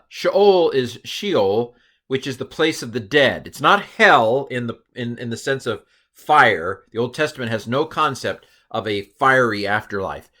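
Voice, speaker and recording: Middle-aged guy going through hebrew grammar slides, bright clear voice, chatty, corrects himself a lot. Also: mid-range voice. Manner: chatty and self-correcting, with playful asides. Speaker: Hebrew teacher. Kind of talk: recorded lesson walking through slides.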